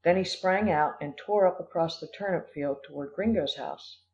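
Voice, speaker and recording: An earnest little male terrier with a Scottish burr relates alarming news in a rushed, urgent way, as a man reads him in an audiobook. The voice sits somewhat high for a man, and the recording sounds dull and lo-fi. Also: natural voice.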